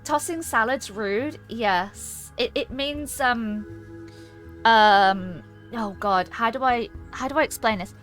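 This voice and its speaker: A woman streamer talking casually over her gameplay. Her voice sits a bit high, and she teases, jokes and chats to viewers in a playful, giggly way. Game music plays faintly behind. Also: takes it slowly, fairly bright tone. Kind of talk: casual gaming stream chat.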